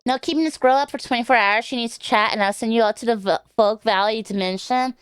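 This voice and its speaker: A woman's voice: fairly high pitch, fast, clear, resonant tone, dry recording. A woman streamer chatting casually on a reaction stream, rambling and joking, swearing now and then, with a scratchy throat.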